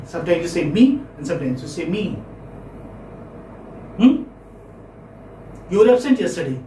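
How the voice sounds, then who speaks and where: A man's voice: high-pitched, very animated, normal speed, pauses often, dark tone, recorded from a distance, a little hiss or hum. Male teacher lecturing a class with checking questions; echoey classroom, mic some way off. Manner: repeats words, asks checking questions.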